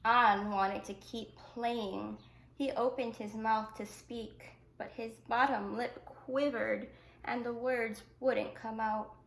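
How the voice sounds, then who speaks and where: A woman teacher reading a picture book aloud to children, with gentle asides explaining the story. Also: fairly high pitch, steady tone, slow pace, a little hiss or hum. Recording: echoey room.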